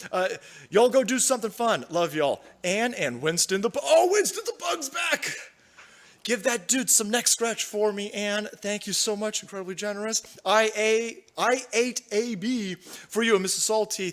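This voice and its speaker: A man's voice: high-pitched, fairly bright tone. Crude, sarcastic livestream host, man. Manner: crude, sarcastic, laughing often. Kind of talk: profane livestream commentary, reading donations.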